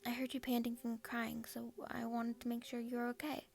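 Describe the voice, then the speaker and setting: A woman reading aloud and voicing a gentle, shy young man who talks in a soft, reassuring way. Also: a little high, completely flat delivery, a little fast, gravelly. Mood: tender.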